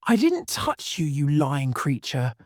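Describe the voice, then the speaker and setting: A reader voicing a spoiled, quarrelsome young woman in an audiobook, going high and shrill when angry. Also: big pitch swings, measured pace, mellow, dry recording, studio quality. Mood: cross. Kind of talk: audiobook reading.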